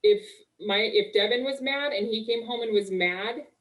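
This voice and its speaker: A young woman working as a marriage coach, talking casually and warmly on a live webinar, full of "like" and "okay", speaking through a video call mic. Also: a little high, moderate pace, low-quality recording. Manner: chatty, upbeat, full of "like" and "okay".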